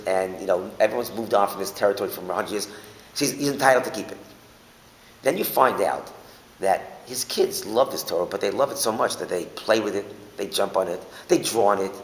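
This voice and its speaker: Man, Torah teacher, lecture, rhetorical questions, gravelly, long hall echo. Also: fairly low pitch. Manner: animated, asks rhetorical questions and restates points. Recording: echoey hall with faint hiss.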